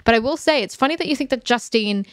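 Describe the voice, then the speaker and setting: A woman co-hosting a film review podcast in casual chat, animated and sassy, often acting out quoted reactions. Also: fairly high pitch, quick pace, no echo. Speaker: podcast co-host.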